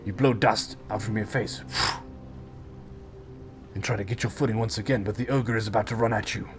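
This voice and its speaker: A man's voice: fairly low pitch, steady tone, moderate pace, soft background music. A man game master narrating a tabletop fight dramatically, with spoken sound effects and casual swearing.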